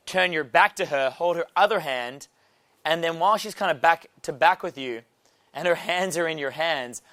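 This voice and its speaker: A man teaching a dating seminar in a brash, profane, animated way. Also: fairly high pitch, dry recording. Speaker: dating coach.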